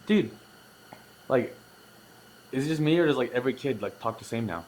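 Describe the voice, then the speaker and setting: Dad on a podcast, dry teasing jokes, normal mid voice. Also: male voice, mid-range voice, animated, moderate pace, a little mellow. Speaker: podcast co-host, a father. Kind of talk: casual chat.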